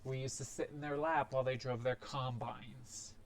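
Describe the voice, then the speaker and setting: A man's voice: mid-range voice, fairly even intonation, normal speed. A man talking to camera in a casual monologue, blunt and profane, rambling through asides and fillers. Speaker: video creator telling a personal story.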